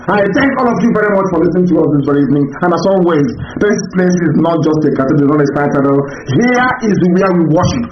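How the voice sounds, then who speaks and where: A man giving an impassioned political radio address, preacherly and fiery, with emphatic high peaks. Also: expressive, quick pace, few pauses. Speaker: radio broadcaster. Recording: roomy, dull radio broadcast with faint noise.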